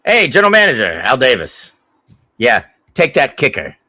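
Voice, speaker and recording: A man's voice: mid-range voice, wildly swooping pitch, normal speed, pushed and bright, pitched above the performer's own voice, heavily acted. A man putting on a pushy older team owner who barks orders. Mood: bossy. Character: bossy old male team owner, loud and pushy.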